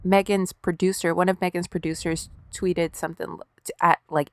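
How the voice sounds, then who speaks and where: A woman co-hosting a podcast, telling stories in a casual, profane, animated way. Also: lowish voice, moderate pace, no room sound. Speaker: podcast co-host. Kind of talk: casual chat.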